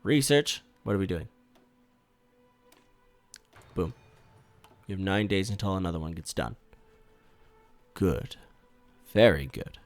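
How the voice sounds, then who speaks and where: A man giving casual, swear-laced commentary while playing a strategy game, bursting out loudly when things go wrong. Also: sits low, animated, slow pace, long pauses, dry recording, faint music behind. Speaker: gaming YouTuber.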